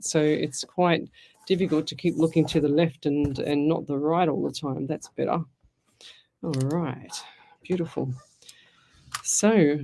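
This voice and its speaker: A woman's voice: deep voice, darkish tone. An Australian woman hosting a live radio call-in show as a psychic medium, chatty and rambling as she reads out listener questions. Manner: chatty, rambling, thinks aloud with frequent restarts. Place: radio studio.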